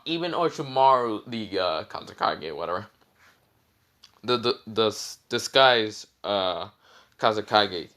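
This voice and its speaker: A young man retells a fan story casually, rambling and stopping often to search for words. His voice is bright and forceful, pitched a little low. He speaks loosely, without a script. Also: expressive, measured pace. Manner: rambling, full of fillers and self-corrections.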